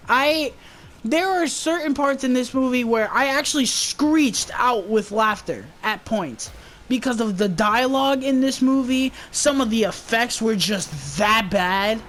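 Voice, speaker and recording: High, lively woman ranting about a movie. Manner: rambling, profane, exasperated ranting. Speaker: movie reviewer. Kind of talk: casual movie review chat.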